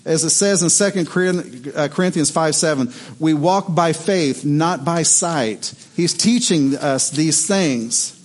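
A middle-aged man preaching a sermon as pastor, telling stories in an animated way. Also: fairly high pitch, measured pace, hardly any pauses. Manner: animated storytelling, voice rising in excitement.

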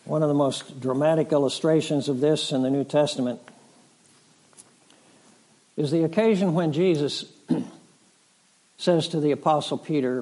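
A middle-aged male pastor preaching a sermon, rising to loud emphatic swells and dropping to soft, solemn lines. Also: a little high, steady tone. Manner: slow, dramatic preaching that swells and drops.

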